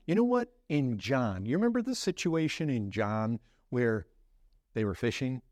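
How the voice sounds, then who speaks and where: A man preaching a sermon as pastor, telling a story vividly, dropping low and quiet, then rising in intensity, and putting rhetorical questions to the congregation. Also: very animated, normal speed.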